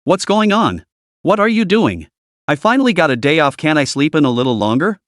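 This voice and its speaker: A cheeky teenage girl who whines and complains, as a male reader puts her on. The voice sits a bit higher and swings up and down a lot. It is recorded dry, with no room sound. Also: big pitch swings, brisk, fairly bright tone, no room sound. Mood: whiny.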